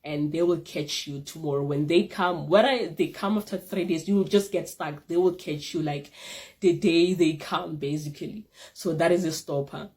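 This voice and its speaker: A young woman vlogger telling a casual storytime tale, animated and repeating phrases for emphasis. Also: low-pitched, moderate pace.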